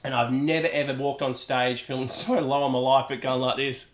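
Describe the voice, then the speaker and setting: A young Australian man telling his stories in a loose, animated way, swearing freely. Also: mid-range voice, brisk, a little hiss or hum. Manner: swearing, animated, acts out quoted voices. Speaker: guest. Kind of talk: casual storytelling chat. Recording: roomy echo.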